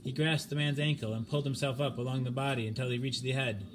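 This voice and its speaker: A man's voice: mid-range voice, fairly even intonation, fast, background noise. Grave man reading a story. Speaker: narrator. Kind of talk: audiobook reading of a short story.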